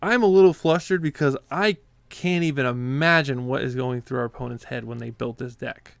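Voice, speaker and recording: A man's voice: mid-range voice, normal speed, gravelly, dry recording. A man giving live commentary on his own card game play, chatty and easily flustered, laughing often. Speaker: gaming content creator.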